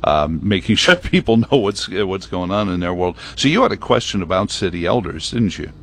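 A man's voice: low-pitched, sing-song, normal speed. A man hosting a talk radio show, chatting casually in a rambling, opinionated way full of fillers. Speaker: radio host. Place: broadcast booth at a prayer meeting venue.

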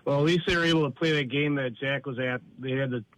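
A man's voice: mid-range voice, fairly even intonation, fast talker, a bit bright, rough recording. A man calling into a sports radio show, rambling with wry asides and analogies. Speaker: caller. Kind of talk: casual call-in chat.

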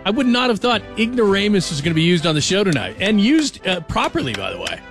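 Talk radio host, male, high-pitched, excitable, music bed underneath. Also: quick pace, gravelly. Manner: excitable, enthusiastic, repeats himself. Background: patriotic music.

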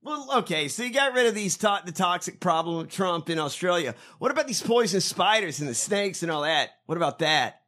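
A man with a high, bright voice trades profane, mocking jokes as a podcast co-host. His pitch jumps around a great deal, and he laughs easily between lines. His talk stays loose and casual. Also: expressive, fairly quick, few pauses. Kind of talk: casual political comedy chat.

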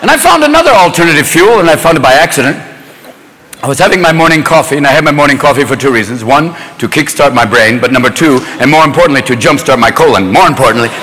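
A man doing manic, profane, rapid-fire stand-up comedy, jumping between voices. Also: mid-range voice, big-room sound. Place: live stage before an audience. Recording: loud crowd and noise. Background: loud laughing audience.

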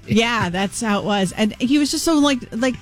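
A woman co-hosting a radio show, telling a story with lively acted-out dialogue. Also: on the high side, normal speed, soft background music. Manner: animated storyteller acting out both sides of a conversation. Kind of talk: casual radio chat.

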